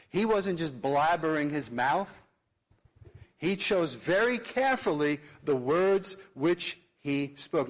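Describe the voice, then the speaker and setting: Middle-aged male pastor, earnest measured sermon delivery, voice a touch high. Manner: earnest, measured preaching with slow emphatic pauses.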